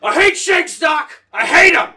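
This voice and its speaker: A man putting on an impression of a gruff old male action hero, loud, slow and over-enunciated. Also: very high voice, expressive, voice pushed up, exaggerated voice. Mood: cranky shouting.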